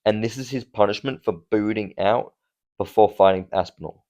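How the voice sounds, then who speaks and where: A man's voice: on the low side, normal speed, darkish tone. Australian man giving casual MMA commentary. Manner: conversational, rhetorical questions, casual swearing. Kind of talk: solo opinion commentary.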